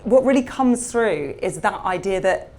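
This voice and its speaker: A woman's voice: medium pitch, expressive, a little slow, a little mellow, slight background noise. A woman interviewing an author at a live event, posing long, thoughtful questions.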